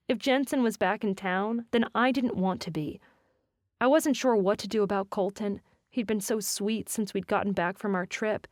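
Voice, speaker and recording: A woman's voice: mid-range voice, dry recording, studio quality. A woman narrating a romance novel in first person, with a wry, self-mocking inner voice. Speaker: audiobook narrator.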